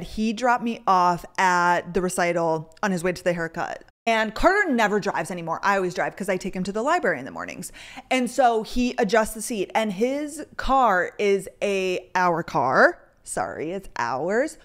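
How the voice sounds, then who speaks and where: A young woman hosting her podcast talks casually into a microphone. She rambles through stories and fills her sentences with "like." Her pitch sits in the middle of the usual range. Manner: chatty storyteller, heavy use of "like". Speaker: podcast host. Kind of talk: casual chat.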